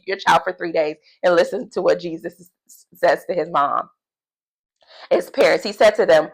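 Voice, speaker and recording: A woman talking casually in a devotional video journal, chatty and animated, often laughing and acting out quotes. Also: on the low side, moderate pace, rough recording. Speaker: faith vlogger.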